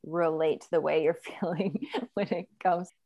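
Young woman, podcast co-host; slightly low voice, chatty and sarcastic. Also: steady tone, normal speed, warm tone, dull audio. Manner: chatty, sarcastic, uses "like" a lot. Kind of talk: casual chat.

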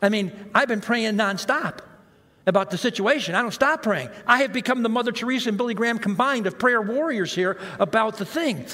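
A man preaching a sermon as pastor, animated and self-mocking, acting out the reactions he quotes. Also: sits high, normal speed. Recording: long hall reverb.

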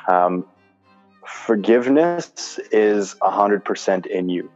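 Low-voiced guy, emphatic, keeps repeating points, muffled lo-fi sound, soft music behind. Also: expressive, slow. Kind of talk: casual conversation. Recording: dull lo-fi sound with faint music.

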